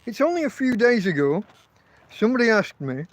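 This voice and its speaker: A man's voice: sits high, sing-song, brisk, no echo, low-quality recording. An English man hosting a casual livestream from his tent, telling rambling, profane stories full of restarts. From England. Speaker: podcast host.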